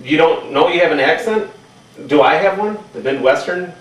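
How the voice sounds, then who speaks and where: A man's voice: on the high side, animated, moderate pace. A man from Wisconsin hosting a casual interview at home, chatty and teasing. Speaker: host. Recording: echoey room, far from mic.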